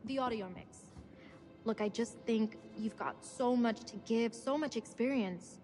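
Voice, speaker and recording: A woman's voice: on the high side, a little slow, mellow, faint music behind, close to an everyday voice. An actress playing a tentative young woman on a film crew, speaking apologetically with a British accent.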